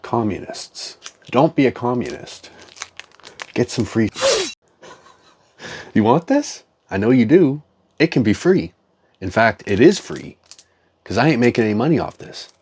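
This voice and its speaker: A man's voice: medium pitch, very animated, normal speed, a little mellow, breathy edge. A man in a profane, joking, rambling casual chat, talking as a comic collector.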